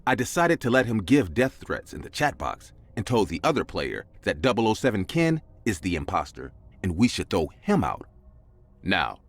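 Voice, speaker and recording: Husky, deep-voiced male story narrator. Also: very animated, normal speed. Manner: dramatic, with big swings of pitch.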